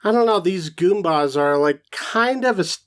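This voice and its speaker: A podcast co-host talks casually about a film, thinking aloud with plenty of fillers. His voice is high-pitched and a bit bright, with lively intonation at a normal speed.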